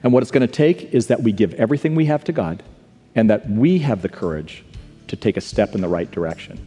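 A man's voice: fairly low pitch, animated, fairly quick, warm tone, slightly rough, soft background music. Man preaching in a big church hall. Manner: earnest, confessional, builds to repeated declarations. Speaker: speaker. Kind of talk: live sermon storytelling. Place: large church. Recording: live hall recording.

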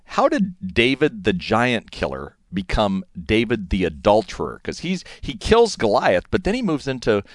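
A man's voice: fairly low pitch, wildly swooping pitch, moderate pace, hardly any pauses, no echo, studio quality. A middle-aged man hosting a radio show, introducing his guest and bantering with him. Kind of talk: radio interview.

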